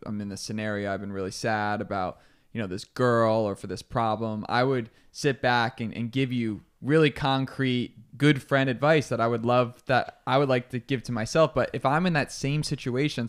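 A man hosting a casual podcast interview, speaking in a relaxed, reflective way with frequent restarts. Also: mid-range voice. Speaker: podcast host.

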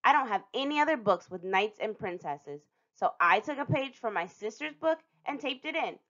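A woman reading a picture book aloud to children as a storytime host, expressive and lingering on some phrases with dramatic pauses. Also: fairly high pitch. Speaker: storytime reader. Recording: dull lo-fi recording.

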